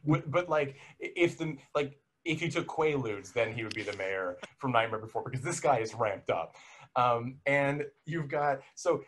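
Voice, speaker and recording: A man's voice: mid-range voice, animated, normal speed, a bit bright. A young man recapping a film in a casual podcast chat, rambling and self-correcting, laughing now and then.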